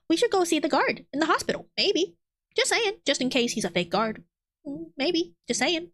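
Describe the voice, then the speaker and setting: Bubbly high-voiced young woman streamer. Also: expressive, moderate pace. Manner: playful, giggly, chatty reactions. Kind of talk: casual gameplay commentary, reading dialogue aloud. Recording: game music behind.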